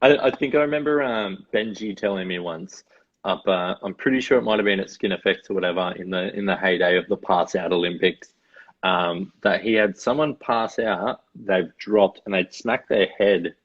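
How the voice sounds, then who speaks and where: A man's voice: deep voice, normal speed, slightly rough, muffled recording. A man in a casual chat, teasing the others and restarting his sentences.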